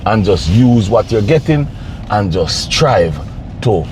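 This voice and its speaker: A man's voice: on the low side, expressive, slow, noisy background. A man giving casual, pleading commentary to camera, repeating himself and preaching. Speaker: vlogger.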